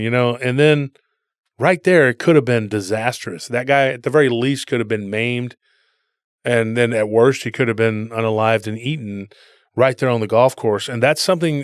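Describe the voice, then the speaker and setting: A man's voice: medium pitch, no room sound, studio quality. A man co-hosting a podcast, telling rambling stories in a casual conversational way and often calling people "dude.". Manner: rambling storyteller, says "dude". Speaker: podcast co-host.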